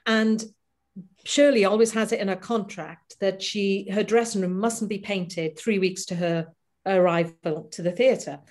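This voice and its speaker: A middle-aged woman, a stage performer, telling lively anecdotes in a casual interview over a video call. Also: mid-range voice, unhurried. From Wales. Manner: animated, laughing anecdotes with acted-out quotes. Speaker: guest performer.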